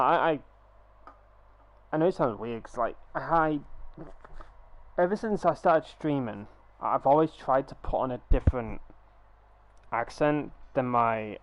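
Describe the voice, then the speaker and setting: A man's voice: mid-range voice, a little mellow. A man streaming a game, chatting casually on a headset mic in a rambling way, with lots of fillers and restarts. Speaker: gaming streamer. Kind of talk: casual chat over gameplay. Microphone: gaming headset.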